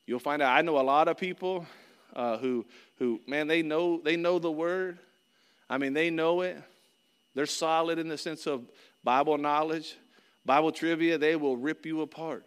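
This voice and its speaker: A man's voice: a little high, fairly bright tone, smooth, in a large hall. A middle-aged man preaching a sermon as pastor, earnest and conversational, often repeating his phrases.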